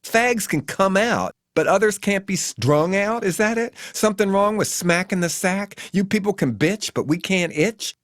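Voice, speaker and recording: A man's voice: a little high, very animated, moderate pace, hardly any pauses, no echo, clean studio sound, voice pushed up. A man voicing a hard-as-nails, hostile woman driver who rants and picks fights in an audiobook. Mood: ranting. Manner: ranting, confrontational.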